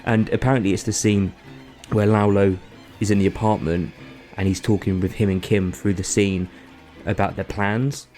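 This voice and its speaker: A man's voice: on the low side, little pitch movement, normal speed, few pauses, a little mellow, faint music behind. A man, co-hosting a podcast and rambling through a story with lots of fillers. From England. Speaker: podcast co-host. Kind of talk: casual chat.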